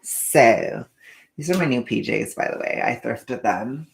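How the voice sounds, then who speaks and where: Rambly woman cooking on a livestream, gravelly voice, kitchen echo everywhere. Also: very deep voice, expressive, unhurried. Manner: chatty, self-deprecating, rambling. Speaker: livestreaming vlogger. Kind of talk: casual livestream chat while cooking. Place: home kitchen.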